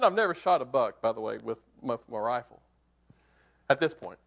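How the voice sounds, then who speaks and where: Animated man telling a sermon story. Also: mid-range voice, fairly quick, gravelly. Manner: animated storyteller, rises to excited outbursts. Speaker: preacher.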